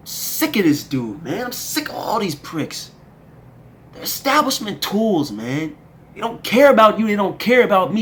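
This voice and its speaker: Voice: medium pitch, very animated, normal speed, fairly bright tone, a little hiss or hum. A young adult political commentator delivering an angry, profane rant, addressing the listener directly and with strong emphasis.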